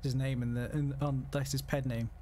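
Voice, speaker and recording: A man in casual gaming chat, excitable and rambling as he sets up characters. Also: medium pitch, moderate pace, slight background noise. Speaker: roleplay streamer.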